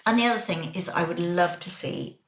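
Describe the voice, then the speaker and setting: A woman co-hosting a podcast in a casual chat, speaking animatedly with big swoops in pitch. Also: lively intonation, fairly quick, a bit bright. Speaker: podcast co-host. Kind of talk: casual kitchen-table chat. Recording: roomy echo.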